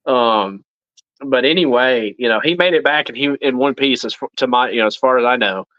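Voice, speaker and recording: A man's voice: mid-range voice, fairly quick, no echo. A man co-hosting a casual live stream from home. He talks in a mid-range voice, wandering through his thoughts with constant ums and restarts. The sound is dry and a little dull. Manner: rambling, many fillers and restarts. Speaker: channel co-host.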